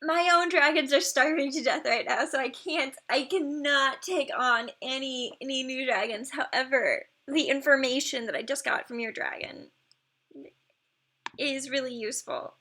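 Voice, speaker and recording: A woman's voice: high voice, moderate pace, bright, forceful tone. A woman streamer in casual live-stream commentary, chatty and effusive, gushing praise and laughing often between remarks.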